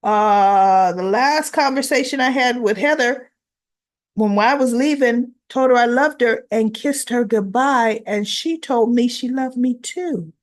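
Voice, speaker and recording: A woman's voice: on the high side, a little slow. A woman hosting a casual recap vlog, retelling scenes as quoted back-and-forth dialogue with chatty asides to viewers. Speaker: soap opera recap host.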